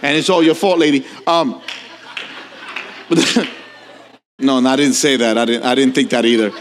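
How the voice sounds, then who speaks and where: A man preaching a sermon as pastor, swinging from hushed lines to shouted questions, telling stories with casual asides. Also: mid-range voice, fairly even intonation, moderate pace, a little hiss or hum. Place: church sanctuary. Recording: long hall reverb.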